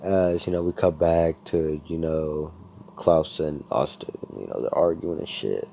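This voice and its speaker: Low-voiced young man rambling through a fan story. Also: a little slow, creaky, mellow, a little hiss or hum. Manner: rambling, profane, filler-heavy. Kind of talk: casual fan-fiction storytelling. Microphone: computer headset or desk mic.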